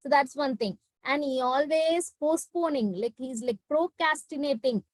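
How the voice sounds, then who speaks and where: High-voiced woman telling a story to a class. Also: normal speed, no room sound, rough recording. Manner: animated storytelling, acts out quoted characters; frequent "like" fillers. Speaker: teacher. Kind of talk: storytelling lesson to students on a video call. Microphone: video call.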